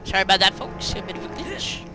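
A man's voice: sits high, lively intonation, fast talker, low-quality recording. A man doing joking let's play commentary, laughing often and letting out sudden yelps. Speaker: game player. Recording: voice over loud game music. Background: game music.

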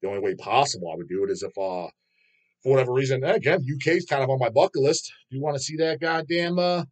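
A man's voice: mid-range voice, quick pace. A man hosting his own channel, reading viewer comments aloud and answering them in a rambling, profane way, laughing often. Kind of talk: casual chat.

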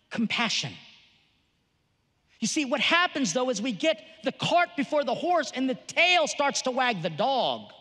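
A man, a Catholic priest, giving a lively conference talk with jokes and a teaching tone. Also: very high voice, measured pace. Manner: animated, joking, teaching tone. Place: large conference hall. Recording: long reverb of a large hall.

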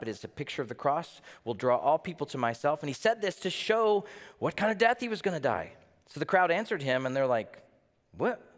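Guy preaching a sermon, mid-pitch voice, lively questions, big echoey church sound. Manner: animated, voices rhetorical questions with rising pitch. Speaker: pastor.

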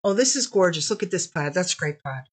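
A woman's voice: lowish voice, lively intonation, fairly quick, breathy edge, low-quality recording. A woman hosting a live-streamed fabric sale, chatting casually, gushing over the fabrics and apologizing often.

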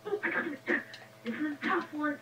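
Woman in a game roleplay, really high voice, dry teasing lines, noisy far-off mic. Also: animated, brisk, bright, forceful tone. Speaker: co-player in role-play. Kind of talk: casual game role-play.

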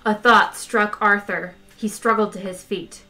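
A woman reading a comic science-fiction novel aloud in a lively, wry way. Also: mid-range voice, a little slow. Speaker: audiobook reader. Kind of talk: expressive audiobook narration.

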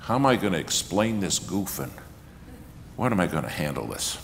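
Low-voiced guy preaching in a church, tells stories big and animated, faint room hum behind. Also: normal speed, gravelly. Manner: animated storyteller acting out quotes, rising to shouts. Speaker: guest preacher. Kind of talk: storytelling sermon. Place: church sanctuary. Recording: reverberant church hall, faint ambience.

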